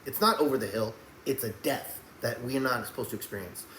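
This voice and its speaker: A man preaching a sermon, swinging between fiery shouts and soft, hushed passages. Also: mid-range voice, brisk. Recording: echoey room with faint background noise.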